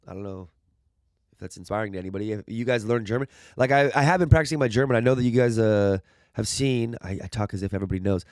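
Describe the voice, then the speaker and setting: A man's voice: on the low side, darkish tone, no echo. Young guy rambling through a q and a, upbeat, dry close sound. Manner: rambling, upbeat, loses his train of thought. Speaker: vlogger answering viewer questions. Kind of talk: casual Q and A monologue.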